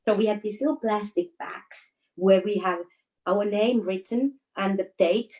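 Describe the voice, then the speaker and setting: A woman's voice: medium pitch, unhurried, a little mellow, poor audio. Finnish woman telling stories, laughing. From Finland. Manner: storytelling with frequent laughs and hesitations. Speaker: guest, dancer. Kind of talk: casual interview chat.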